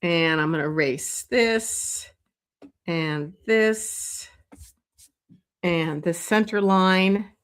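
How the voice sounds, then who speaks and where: Slow, low-voiced woman teaching drawing. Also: smooth. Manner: slow, thinking aloud while sketching, many fillers. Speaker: drawing instructor. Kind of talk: live drawing lesson. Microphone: streaming setup.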